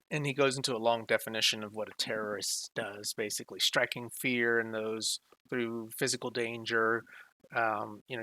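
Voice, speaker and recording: Bright-voiced man running a tabletop game. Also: mid-range voice, no room sound. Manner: hesitant, filler-heavy, describing scenes. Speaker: game master.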